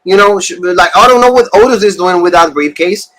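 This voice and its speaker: A man co-hosting a casual wrestling review show, talking in animated rants full of fillers and repeated phrases. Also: sits high, fairly quick, poor audio. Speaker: podcast co-host.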